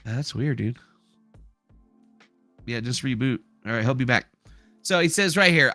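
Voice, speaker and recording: A man's voice: mid-range voice, animated, unhurried, pauses often, bright, forceful tone, no echo, soft background music. A man hosting a casual commentary stream, rambling, sarcastic and profane. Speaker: streamer host.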